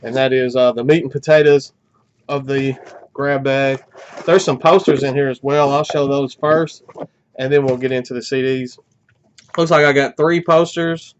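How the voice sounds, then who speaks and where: A man's voice: mid-range voice, fairly even intonation, normal speed, lo-fi sound, slight background noise. A man hosting a metal music channel, chatting casually at home through an unboxing, congested and a little out of breath, with many "uh" fillers.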